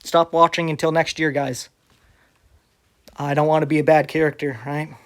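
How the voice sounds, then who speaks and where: A man's voice: on the high side, flat delivery, normal speed, a bit bright. Sarcastic man reading viewer comments. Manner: sarcastic, defensive. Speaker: online preacher.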